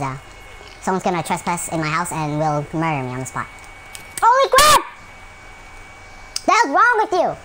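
A man's voice: high voice, sharp tone, a little hiss or hum, low-quality recording. A man giving gameplay commentary at home, rambling with many fillers and breaking into yelps and rants at the game. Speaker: gaming channel host.

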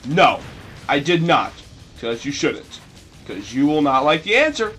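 A young man with a slightly raised voice talks over his own gameplay. He wanders off topic, jokes sarcastically and puts on bursts of mock grandeur. Soft game music plays faintly underneath. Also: on the high side, very animated, a little slow. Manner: rambling, sarcastic, jokey mock-dramatic outbursts. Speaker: let's play commentator. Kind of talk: gameplay commentary.

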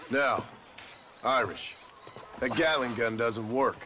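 An actor playing a stern, threatening gunslinger in a western game who speaks with a dry edge. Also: male voice, medium pitch, slow, noisy background, natural voice. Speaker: game character. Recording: game audio with outdoor ambience.

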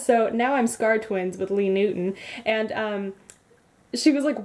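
A woman's voice: fairly high pitch, normal speed. A young woman vlogging, telling a rambling story with frequent giggles. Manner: rambly, giggly, animated retelling. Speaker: beauty vlogger. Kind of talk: casual vlog recap.

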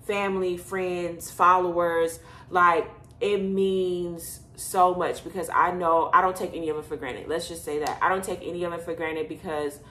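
In a bedroom apartment, a vlogger from Houston, Texas tells casual, filler-laden stories to camera. Her lowish voice holds a steady tone at a moderate pace and sounds a bit bright. The audio is roomy, with slight background noise.

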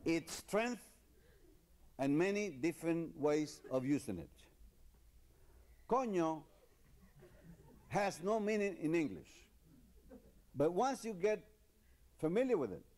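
A man doing stand-up as a mock language lesson, with deadpan teacherly drills and slow, exaggerated pronunciation. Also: fairly high pitch. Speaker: comedian. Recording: noisy live comedy recording.

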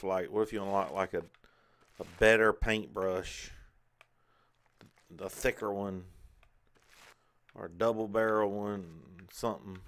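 A man's voice: fairly low pitch, gravelly, fairly bright tone. A man hosting a casual let's play, chatting and talking to himself as he plays. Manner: chatty, talks to himself while playing. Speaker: gaming channel host.

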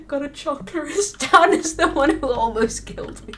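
A woman's voice: high-pitched, normal speed, a little hiss or hum. A young woman streaming live, chatting casually with her viewers, giggling and exclaiming a lot. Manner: giggly, bursts into laughter often; excitable, frequent exclamations. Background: faint background music.

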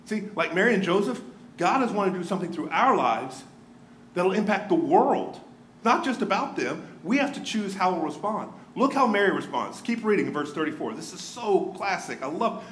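Pastor guy preaching, goes quiet then punchy, echoey church room. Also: high voice, sing-song, normal speed, a little hiss or hum. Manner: earnest, swings from hushed to emphatic. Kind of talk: sermon. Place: church sanctuary. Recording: roomy church hall.

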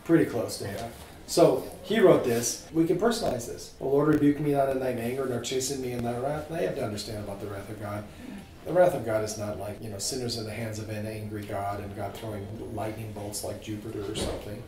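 A man teaching a small group about scripture, informal and animated, asking his listeners questions. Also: lowish voice, fast talker, reverberant, recorded from a distance, poor audio. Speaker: priest teaching a catechism class.

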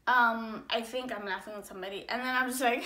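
Animated young woman telling a story. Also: a little high, quick pace, reverberant. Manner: animated, acts out dialogue with big swings in loudness. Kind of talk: casual storytime.

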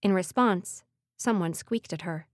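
In a clean studio recording with no room sound, a woman with a fairly low voice narrates a fantasy audiobook. Her scripted storytelling is steady and measured.

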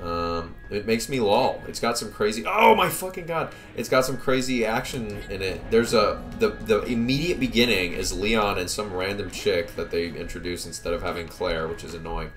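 A young man hosting a let's play, joking casually with a co-host and breaking into sudden yells at the game. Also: lowish voice, normal speed, few pauses, faint music behind. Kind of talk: casual gameplay commentary.

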